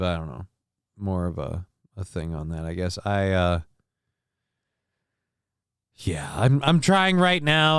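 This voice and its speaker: A man hosting a livestream show, talking in a casual, rambling way with frequent swearing and halting fillers. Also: lowish voice, fairly bright tone, clean tone, dry recording, studio quality.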